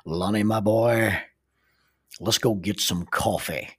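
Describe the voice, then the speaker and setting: Kind, gentle older male pastor with a deep baritone voice and dry, unhurried wit, as a man puts him on. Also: steady tone, no echo. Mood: dry, genial.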